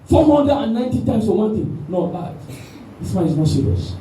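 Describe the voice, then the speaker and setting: A man preaching a sermon with animated call-and-response, recorded in a church hall with the mic at a distance. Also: high voice, brisk, slight background noise. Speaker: pastor. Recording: echoey room, mic at a distance.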